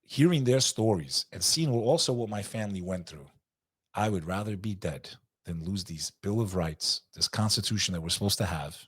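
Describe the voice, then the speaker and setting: A man's voice: fairly low pitch, expressive, moderate pace, fairly bright tone, slightly rough, no echo, clean studio sound. A man speaking as a podcast guest, emphatic and earnest, often calling the listener "bro". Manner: emphatic, peppers speech with "bro". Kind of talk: intense, earnest conversation.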